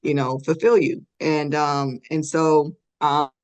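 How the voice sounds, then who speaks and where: A middle-aged woman telling a personal story in a podcast interview, earnest, with many fillers and soft laughs. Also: deep voice, flat delivery, takes it slowly, smooth.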